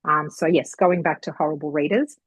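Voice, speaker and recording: A psychic medium guest, a woman, chatting and telling a rambling story with animated retellings. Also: low voice, brisk, husky, no room sound, rough recording. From Australia. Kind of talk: casual storytelling chat.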